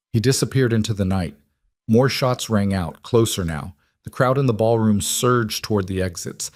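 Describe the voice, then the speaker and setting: A man narrating a western story in a measured, dramatic way. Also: fairly low pitch, darkish tone, no room sound, clean studio sound. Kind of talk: scripted narration.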